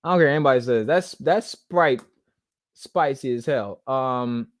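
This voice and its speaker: A man's voice: mid-range voice, normal speed, no echo, studio quality. A young man hosting a podcast monologue, rambling with many restarts and holding back tears. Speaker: podcast host. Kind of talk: casual monologue.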